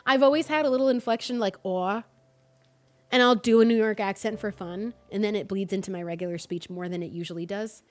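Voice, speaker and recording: A young woman from North New Jersey, with a light local accent and a mid-range, slightly fast voice, chats casually while streaming a game. She's talkative, animated, and self-deprecating in her gaming commentary.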